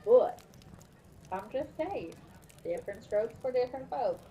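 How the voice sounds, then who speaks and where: Cheeky woman with a mellow, lively voice. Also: fairly high pitch, unhurried, recorded from a distance, slight background noise. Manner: cheeky, laughing. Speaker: player. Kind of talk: in-character tabletop banter.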